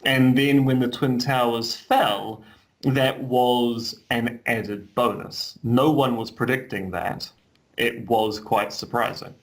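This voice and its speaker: A man from New Zealand co-hosting a podcast in a wry, joking manner, dropping dry asides as he talks. His voice sits at an ordinary middle pitch. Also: steady tone, slow. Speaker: podcast co-host. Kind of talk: casual podcast chat.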